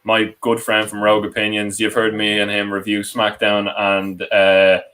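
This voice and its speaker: This young adult podcast host from Ireland chats casually on a live stream, introducing guests in a rambling, self-correcting way and laughing a lot. He speaks at normal speed in a lowish, fairly bright, smooth voice with completely flat delivery, captured on poor audio.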